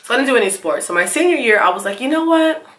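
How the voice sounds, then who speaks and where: A young woman telling a storytime vlog, animated and laughing, acting out the quotes in squeals. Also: mid-range voice, very fast, echoey room, a little hiss or hum. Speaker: vlogger. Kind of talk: casual storytime.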